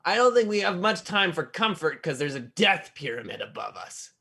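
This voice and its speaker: A woman's voice: on the low side, big pitch swings, moderate pace, creaky, a bit bright, slightly rough. A woman playing a brash, jokey character in a comedic tabletop game. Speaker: player. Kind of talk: comedic tabletop role-play.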